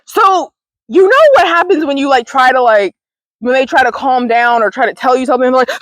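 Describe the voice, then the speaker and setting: Chatty, rambling woman with higher voice. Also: animated, normal speed, fairly bright tone, no room sound, poor audio. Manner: rambling, stammers and repeats words, laughs often; informal, slangy, occasional swearing. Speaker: wellness show host. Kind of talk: casual talking-to-camera monologue.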